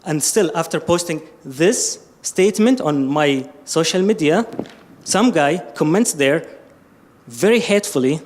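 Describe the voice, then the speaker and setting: Emotional guy at a lecture mic, kinda high voice, halting and pleading. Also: animated, a little mellow. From Syria. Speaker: audience member asking a question. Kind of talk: emotional public question at a lecture. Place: lecture hall.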